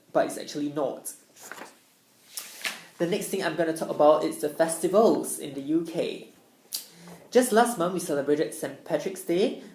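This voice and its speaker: A young woman with a low voice gives an upbeat student presentation, explaining things clearly. Her voice carries a noticeable room echo. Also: mellow. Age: young adult. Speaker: international student. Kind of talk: presentation talk. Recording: echoey room.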